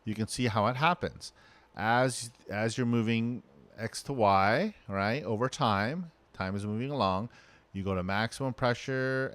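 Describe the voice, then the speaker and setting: A middle-aged man teaching a recorded lecture, halting and checking in with "right?" and "okay?". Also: lowish voice, clear, resonant tone.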